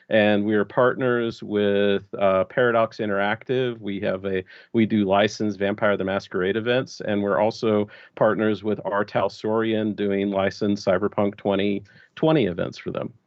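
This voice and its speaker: A man's voice: lowish voice, no echo, lo-fi sound. A man, a guest talking casually over a video call about running live-action events. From Texas. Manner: relaxed, chatty, with fillers. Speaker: guest, larp designer.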